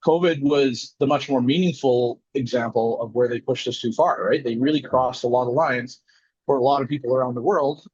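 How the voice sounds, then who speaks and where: Man from Alberta, podcast guest, husky voice, dry muffled lo-fi sound, steady wry talk. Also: medium pitch, dry recording. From Alberta, Canada. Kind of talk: casual podcast conversation.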